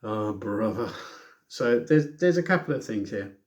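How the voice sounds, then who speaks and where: A man's voice: mid-range voice, expressive, normal speed. A man casually reviewing a wrestling show on his own, rambling, correcting himself and making sarcastic asides.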